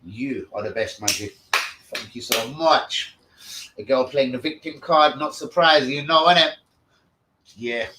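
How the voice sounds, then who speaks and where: A man's voice: medium pitch, a little slow, long pauses, bright, forceful tone, rough recording. A man hosting a live stream, trash-talking in a brash, profane way. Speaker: host of a fan channel. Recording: faint background noise.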